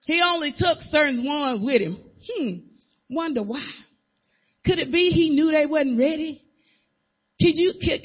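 A woman's voice: high voice, muffled recording. A woman minister preaching a sermon in an emphatic, repetitive way, slipping into casual dialect as she acts out other people's voices.

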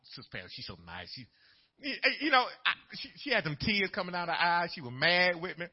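A pastor preaches in a very high, lively voice, his pitch swinging widely as he slips from a folksy family story into shouted preaching. The recording sounds dull and lo-fi. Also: fairly quick. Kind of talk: sermon.

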